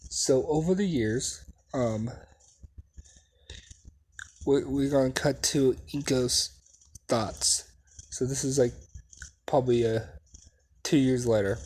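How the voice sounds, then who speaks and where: A man improvising and narrating a fan story, halting often with fillers and laughing at his own slips. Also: mid-range voice, a little mellow, slightly rough, low-quality recording. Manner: halting, full of fillers, self-deprecating.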